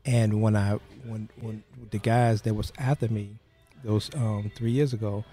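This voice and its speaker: A man's voice: fairly low pitch, steady tone, a little slow, warm tone, faint music behind. A man being interviewed as a guest, telling a personal story in an earnest, plain-spoken way and acting out the voices of people in it.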